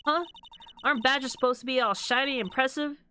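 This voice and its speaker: A woman's voice: sits high, steady tone, fairly quick, sharp tone, clean tone, no echo. A woman voicing a brash, blustery Southern woman photographer with an exaggerated American Southern drawl. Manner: blustery, scolding. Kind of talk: reading game dialogue aloud.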